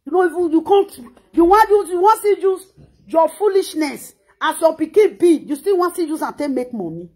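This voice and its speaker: A Nigerian woman in her thirties speaks in a high voice and a Nigerian Pidgin accent. She scolds with passion and repeats her words as she reacts to the news. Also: lively intonation, moderate pace, darkish tone. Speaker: social media commentator. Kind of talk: emotional reaction monologue.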